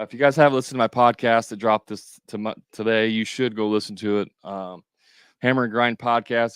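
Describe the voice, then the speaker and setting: A man's voice: on the low side, clear, resonant tone, no echo, studio quality. A man coaching contractors in a casual livestream, talking straight to viewers with joking asides.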